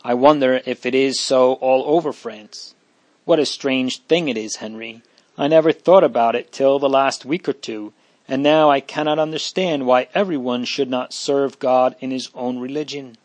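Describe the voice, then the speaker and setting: A man's voice: medium pitch, normal speed, a little mellow, no room sound, close to an everyday voice. A man voicing a grieving young French girl fugitive, earnest and tearful, in a dry recording. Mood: wondering.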